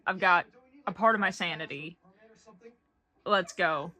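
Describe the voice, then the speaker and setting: A woman's voice: fairly low pitch, a little slow, sharp tone. A young woman from Appalachia, chatting casually and gushing about books in a reading vlog. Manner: chatty, gushing and self-deprecating. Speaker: book vlogger. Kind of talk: casual chat.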